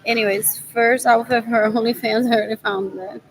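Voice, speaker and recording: A woman's voice: on the high side, fairly even intonation, fairly quick, few pauses, rough recording. A woman vlogging in a loose, rambling monologue, muttering scornful remarks and repeating the same phrases over and over. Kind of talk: casual rambling monologue to viewers.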